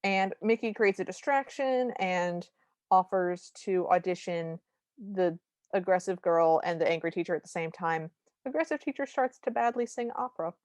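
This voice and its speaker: A woman with a somewhat low voice co-hosts a casual podcast and walks through a movie plot with wry, joking asides. The sound is dry and close, with no room around it. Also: normal speed, a little mellow, dry recording. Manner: wry, conversational storytelling with humorous asides. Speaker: podcast co-host. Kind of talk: casual movie recap chat.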